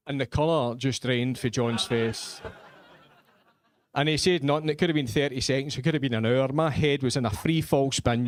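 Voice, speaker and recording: A man's voice: mid-range voice, normal speed. A man doing crude, self-mocking live stand-up comedy in a comedy club.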